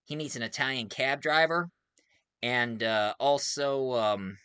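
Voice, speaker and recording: Guy rambling through a movie review, lots of uhs, smooth voice, dry close sound. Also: mid-range voice, measured pace, pushed and bright, dry recording. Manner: rambling, full of fillers, chuckles often.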